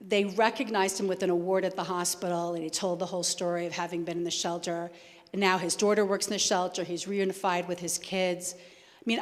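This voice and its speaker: A woman with a New Jersey accent, speaking quickly and conversationally as a guest speaker answering audience questions. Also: fairly low pitch. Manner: fast-talking, conversational. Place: church hall. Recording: reverberant hall.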